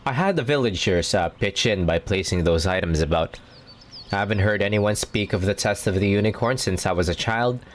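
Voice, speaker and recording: A man's voice: on the low side, a little fast, a little hiss or hum, close to an everyday voice. A man reading a jolly old kobold chief. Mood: plain reading. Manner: plain read-aloud delivery. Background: game music.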